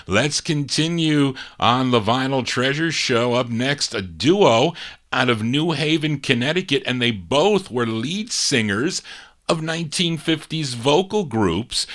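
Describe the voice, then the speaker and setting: A man's voice: medium pitch, a bit bright. A man hosting a live oldies record show, chatting casually between songs, rambling a little and correcting himself as he goes. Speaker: radio show host and DJ. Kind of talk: casual live radio-style record introductions.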